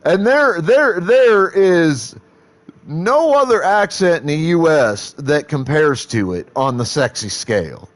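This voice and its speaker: A man's voice: on the high side, very animated, slow pace. A Midwestern man with a Southern American accent, a streamer chatting casually, blunt and profane, rambling with restarts. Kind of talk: casual live-stream chat.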